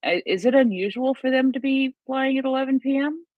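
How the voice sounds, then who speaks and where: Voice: high-pitched, a little fast, dry recording. A host of an online audio chat, eagerly reading out news updates and then asking questions. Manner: eager, reads out reports then asks questions. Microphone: Twitter Space audio. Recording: dull, dry lo-fi online audio.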